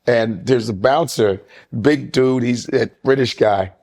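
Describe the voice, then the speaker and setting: A man's voice: mid-range voice, unhurried, darkish tone. A man co-hosting a casual podcast, joking around in laid-back banter. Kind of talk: casual chat.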